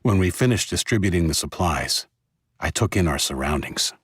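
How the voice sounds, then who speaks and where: Male audiobook narrator, low husky voice, steady delivery, dry close sound. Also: normal speed, no echo. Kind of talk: first-person audiobook narration.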